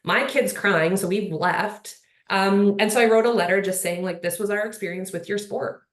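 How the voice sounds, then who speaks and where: Woman, panel speaker, mid-pitched, earnest, rambling, filler-heavy, roomy echo. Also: normal speed. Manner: earnest, rambling, many fillers like "like" and "you know". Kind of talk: casual panel conversation.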